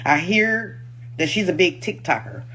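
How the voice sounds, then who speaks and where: A woman's voice: lowish voice, very animated, a little slow, sharp tone, slight background noise. A woman who owns a food truck, defending herself in an emotional, indignant personal statement and repeating points for emphasis.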